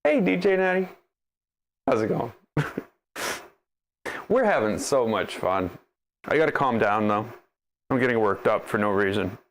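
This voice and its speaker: A man's voice: medium pitch, a little slow, pauses often, fairly bright tone. A man hosting a casual live stream while troubleshooting his 3D printer, talking straight to the machine in a sarcastic, exasperated way. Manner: talks to the machine directly.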